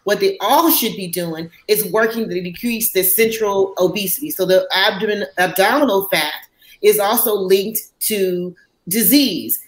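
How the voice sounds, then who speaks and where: A woman physician on a live panel, explaining in a measured, clinical way with pauses. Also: medium pitch, echoey room, poor audio. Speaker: physician guest.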